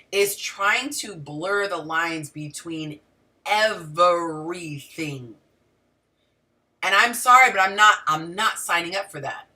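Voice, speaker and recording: Recorded from a distance, a woman with a fairly low-pitched voice hosts a casual livestream as a relationship coach. She addresses her audience head-on with animated energy and plenty of asides.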